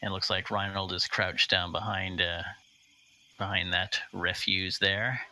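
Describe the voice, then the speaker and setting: A man narrating a tabletop game as game master and explaining the rules, halting with many fillers and restarts. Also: sits low, level tone, sharp tone, rough recording.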